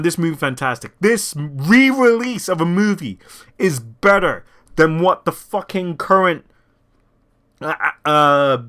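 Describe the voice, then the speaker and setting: A young man rambling excitedly about a movie in an unscripted rant, swearing a lot, his throat sore from talking. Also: a little high. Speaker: movie vlogger.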